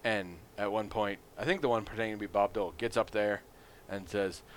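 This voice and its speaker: A man's voice: lowish voice, fairly even intonation, a little fast, slight background noise. A man from the United States in casual conversation, who talks playfully and acts out scenes in silly voices. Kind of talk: casual chat.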